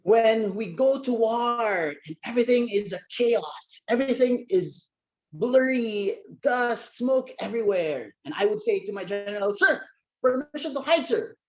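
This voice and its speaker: Playful slow-talking man on stage. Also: sits high, lively intonation, darkish tone, dull audio. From Philippines. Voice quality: playful, theatrical delivery. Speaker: speech contestant. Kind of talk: humorous contest speech.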